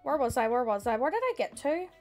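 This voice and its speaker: Northern Irish woman, young, high-pitched, casual streamer talk, faint background music. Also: sing-song, quick pace, a little mellow. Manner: chatty, thanks viewers by name, says "heck". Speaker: live streamer. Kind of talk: casual live-stream chat.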